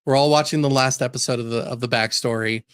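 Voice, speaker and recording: A man co-hosting a podcast, recounting stories in animated casual chat. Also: medium pitch, fast, smooth, dry recording, clean studio sound. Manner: animated storyteller, laughs while talking. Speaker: podcast co-host.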